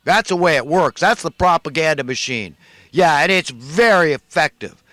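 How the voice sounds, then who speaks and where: A man from the United States delivering an angry political rant straight to his listeners, now and then raising his voice to shout. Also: a little high, expressive, normal speed, no room sound. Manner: angry, ranting, shouts at times. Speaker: political commentator.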